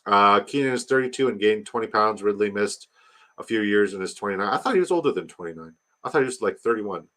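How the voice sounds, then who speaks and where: A man's voice: fairly low pitch, lively intonation, quick pace, fairly bright tone. A man hosting a livestream, chatting loosely, swearing and talking straight to his chat. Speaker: livestream host. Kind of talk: casual chat.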